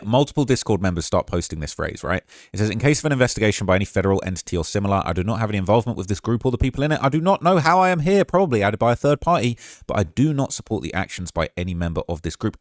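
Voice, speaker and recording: A man hosting a commentary video, reading out chat messages and reacting to them in a casual, quick-fire way. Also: low-pitched, dry recording, clean studio sound. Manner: fast, casual, talks over quotes with quick asides. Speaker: commentary channel host.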